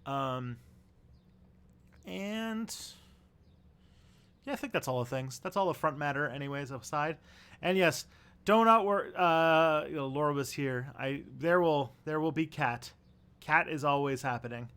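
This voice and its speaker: A man's voice: on the high side, a little slow, pauses often, fairly bright tone, clean tone. A man hosting a casual live stream, chatting in a rambling, easygoing way to his viewers. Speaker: livestream host.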